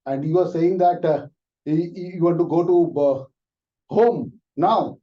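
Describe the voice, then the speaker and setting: A man voicing an impatient, demanding office boss who talks loudly and in a hurry, with many fillers. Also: a little high, lightly acted. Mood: scolding. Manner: loud, hurried, scolding, full of fillers. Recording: distant, muffled room recording.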